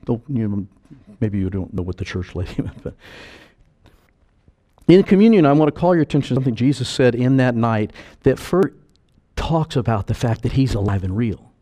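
An older man preaching a sermon as pastor, animated, acting out the voices of the people he quotes. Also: medium pitch, moderate pace, pauses often.

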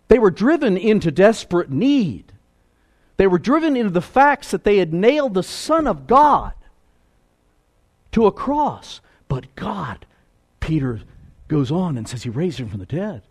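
A man preaching a sermon in a high, lively voice. He rises to loud emphasis and drops to hushed, low asides. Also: measured pace. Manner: animated preaching, swings between loud and hushed. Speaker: pastor.

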